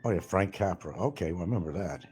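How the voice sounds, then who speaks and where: Over faint music, an older retired man hosts a livestream in a deep, expressive, slightly mellow voice, talking fast. He rambles casually, hops from topic to topic, and swears freely.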